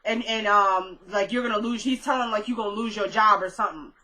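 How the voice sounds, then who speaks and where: A woman casually recapping a TV episode, chatty and animated, acting out characters' lines as she retells the scenes. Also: medium pitch, a little fast, low-quality recording. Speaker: TV recap vlogger.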